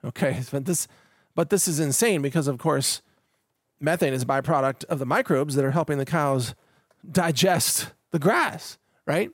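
A man's voice: fairly high pitch, normal speed, no room sound, studio quality. A middle-aged man hosting a podcast, talking through the news in a casual, sardonic monologue with frequent restarts. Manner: sardonic, laughs at the news, repeats words when restarting. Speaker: podcast host.

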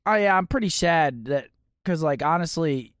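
A man with a somewhat high voice in casual chat, teasing his friends in an easygoing way. The sound is dry and close. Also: expressive, normal speed, a bit bright, no echo. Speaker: podcast co-host.

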